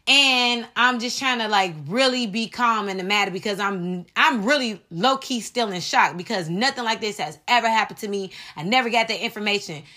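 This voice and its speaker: A woman hosting a podcast, telling a personal story in an animated, dramatic way and speaking straight to her listeners. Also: medium pitch, normal speed, few pauses. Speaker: podcast host.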